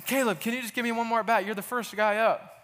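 A man's voice: extremely high pitch, fairly even intonation, fast talker, a bit bright, voice pushed up. A man doing an intense, coaxing baseball coach. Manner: urgent, coaxing. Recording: long hall reverb.

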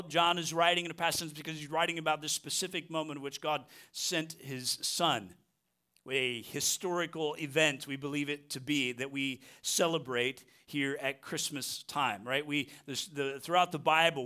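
A man preaching a sermon as pastor, earnest and conversational, often asking "right?" and slowing down to stress key phrases. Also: on the high side, sharp tone.

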